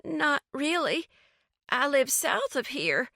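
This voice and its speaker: A woman's voice: high voice, big pitch swings, takes it slowly, sharp tone, no room sound, clean studio sound, voice pushed up, full character voice. A woman voicing a timid, plump shopper on the verge of tears. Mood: meek. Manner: meek, shaky, stammering.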